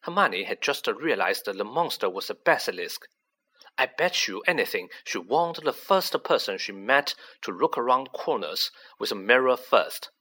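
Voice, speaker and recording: A man reading aloud, voicing an excited young male student who reasons urgently and eagerly. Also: mid-range voice, moderate pace. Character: excited boy wizard, quick-thinking young male student.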